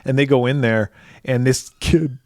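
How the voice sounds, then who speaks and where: A man's voice: medium pitch, fairly even intonation, darkish tone, dry recording, clean studio sound. A man co-hosting a horror film podcast, casually retelling a movie plot with lots of swearing and laughter. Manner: laughing, profane, acts out characters in quick voices. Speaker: podcast co-host.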